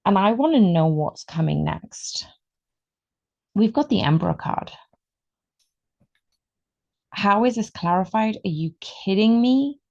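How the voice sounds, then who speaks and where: A woman giving an excitable, emotional tarot reading, stretching out her words for emphasis. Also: mid-range voice, slow, creaky, long pauses, dull audio. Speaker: tarot reader.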